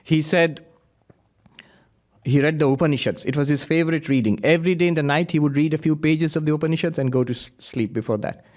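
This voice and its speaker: A man who is a monk, giving a lively spiritual lecture full of anecdotes and frequent laughter. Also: a little high, quick pace. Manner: animated storyteller who laughs often.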